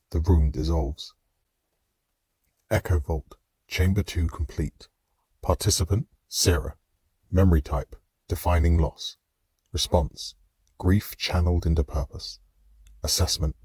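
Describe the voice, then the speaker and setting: A man narrating a dark fantasy audiobook in the first person, measured and somber. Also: rumbling low, breathy edge, dry recording, clean studio sound.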